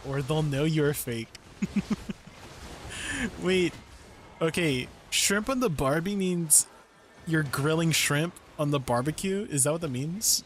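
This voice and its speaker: A man's voice: on the high side, slow pace, fairly bright tone, a little hiss or hum. A young man streaming a game in casual chat, laughing often between sentences. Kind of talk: casual chat while gaming.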